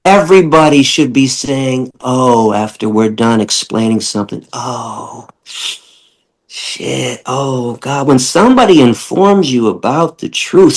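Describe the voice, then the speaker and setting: A man's voice: mid-range voice, poor audio. Man from Michigan, podcast guest; blunt, profane, ranting delivery with mocking put-on quotes. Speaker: guest, animal rights lecturer. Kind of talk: impassioned podcast interview.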